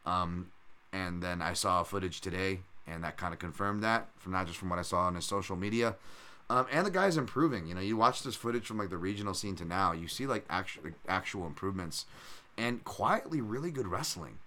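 A young man riffs through a casual solo podcast about fights, piling on fillers and restarts. His voice sits low but comes out bright and forceful. He rambles eagerly, hopping between asides. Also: brisk. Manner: rambling, animated, lots of fillers and loud impressions. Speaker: podcast host, MMA analyst.

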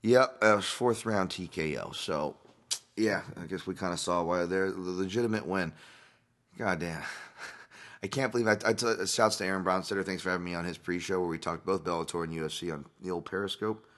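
A man's voice: low-pitched, a little fast, fairly bright tone. A man hosting his own podcast, talking casually through fight results in a rambling way and swearing freely. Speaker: podcast host.

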